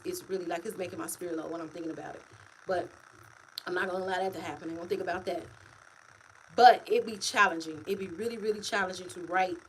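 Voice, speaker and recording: A woman author talking casually to her livestream viewers, animated and repetitive, calling them y'all. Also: mid-range voice, a little hiss or hum, rough recording. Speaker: author and vlogger. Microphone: phone or webcam, livestream.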